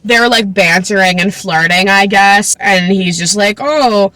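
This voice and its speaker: Woman in her twenties, casual book recap vlog, bright voice, filler-heavy chatter, sarcastic asides. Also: medium pitch, steady tone, measured pace, no room sound. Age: 20s. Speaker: book vlogger.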